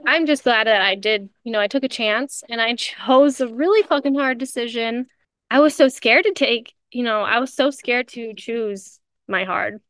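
A woman talking frankly on her podcast, emphatic and unfiltered, with swearing sprinkled through. Her voice sits a little high and sounds smooth and clear in a dry, close recording. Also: normal speed, fairly bright tone, dry recording. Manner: candid, emphatic, swears freely. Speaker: podcast host. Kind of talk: casual confessional monologue.

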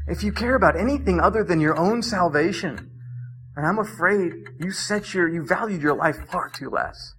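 A man's voice: high-pitched, animated, normal speed, a bit bright, faint music behind. A young adult man preaching a sermon as pastor in a conversational way, with frequent "like"s and restarts.

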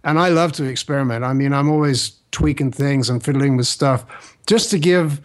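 An older man, a recording engineer, telling studio anecdotes in a lively way on a radio interview, even imitating sounds. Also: medium pitch, moderate pace.

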